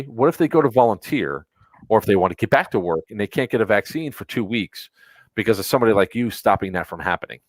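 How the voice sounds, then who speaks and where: A man's voice: fairly low pitch, no echo, poor audio. A man in his thirties hosting a podcast, telling a story in an exasperated, casual way and acting out both sides of the dialogue. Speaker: podcast host. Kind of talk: casual chat.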